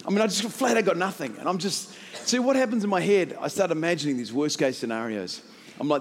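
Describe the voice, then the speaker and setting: A middle-aged male pastor, telling a story in a sermon, laughing often and building to shouts. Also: sits high, animated, fast, long reverb tail, some chatter behind.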